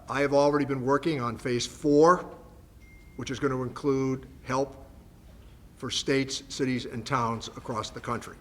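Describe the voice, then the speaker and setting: A man's voice: mid-range voice, fairly bright tone, slight background noise. Older man speaking at a press event. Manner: measured, emphatic, with frequent fillers and restarts. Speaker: congressman. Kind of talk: press conference remarks. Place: factory floor.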